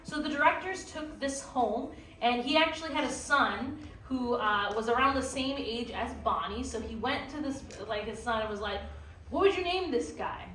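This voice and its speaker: A woman's voice: fairly high pitch, moderate pace, few pauses, sharp tone, slight background noise. Chatty woman teaching a drawing class. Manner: chatty, playful, lots of fillers. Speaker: art instructor. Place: theme park art classroom with audience. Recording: echoey room from far off.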